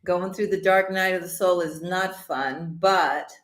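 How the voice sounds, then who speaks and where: A woman hosting a live tarot stream, greeting viewers by name and calling them sweetheart and honey, her voice slightly hoarse with the odd cough. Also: lowish voice, fairly even intonation, measured pace. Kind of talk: casual live-stream chat and tarot reading. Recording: echoey room.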